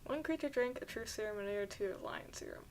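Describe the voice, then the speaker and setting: A young game streamer reads the narration out loud at a fast clip, her voice on the high side with a slight hiss or hum. She stumbles and restarts words as she goes.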